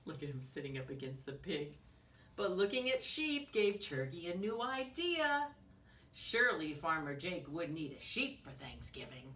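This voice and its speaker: A woman's voice: medium pitch, big pitch swings, moderate pace, a bit bright. A woman teacher reading a picture book aloud to young children, asking them questions and dropping into whispers. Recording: echoey room, distant mic, faint hiss.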